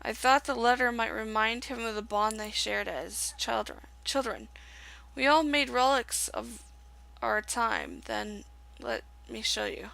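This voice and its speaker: A woman's voice: a little high, measured pace, gravelly, pushed and bright, full character voice, rough recording. A woman reading the lines of a worried, kind young man from a game, in her own voice. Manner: reading game dialogue aloud.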